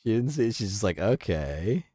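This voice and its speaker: A young man on a livestream reacting to clips, swearing freely and breaking into laughs. His lowish voice swings widely in pitch, with a husky, slightly breathy edge. The sound is close and dry. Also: moderate pace, dry recording. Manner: profane, excitable, laughs often. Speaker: streamer. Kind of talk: casual livestream reaction commentary.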